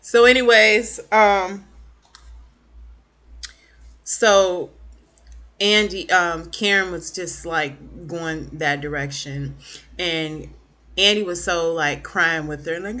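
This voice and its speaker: A woman casually recapping a TV episode for her viewers, chatty and animated, acting out the characters' lines. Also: lowish voice, takes it slowly, long pauses. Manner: chatty, lots of fillers and asides to viewers. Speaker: TV recap vlogger.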